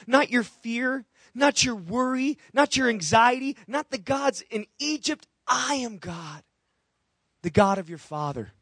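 A man's voice: extremely high pitch, lively intonation, measured pace, fairly bright tone, no echo, studio quality. A man preaching a sermon, earnest and emphatic, with repeated phrases and direct questions to the congregation. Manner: asks the audience questions directly. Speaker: pastor.

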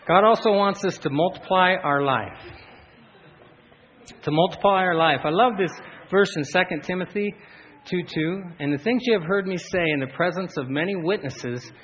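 A man preaching a sermon as pastor, telling stories animatedly with frequent laughs and loud shouted bursts. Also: high-pitched, normal speed. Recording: dull lo-fi sound, faint room ambience.

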